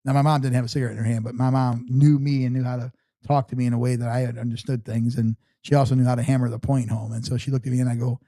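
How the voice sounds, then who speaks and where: A middle-aged man recounts his life story in an unhurried interview, stumbling through restarts and fillers as he goes. His voice is mellow and warm, and the recording is close and dry, with no room sound. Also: medium pitch, little pitch movement, no echo. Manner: halting, many restarts and fillers. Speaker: interview guest. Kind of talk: casual personal storytelling.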